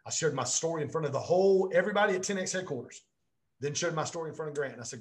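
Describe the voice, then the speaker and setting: A man's voice: on the high side, animated, racing, slight background noise. A man, a real estate business coach, telling his story as an interview guest in an intense, emphatic way and repeating phrases for weight.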